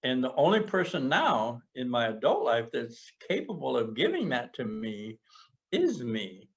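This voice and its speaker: A middle-aged man with a gravelly, fry-edged voice talks things through earnestly. He halts and repeats words as he searches for what to say. The recording sounds muffled and lo-fi. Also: mid-range voice, huge pitch swings, unhurried. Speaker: podcast co-host sharing personal experience. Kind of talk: reflective casual conversation. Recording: muffled lo-fi podcast audio.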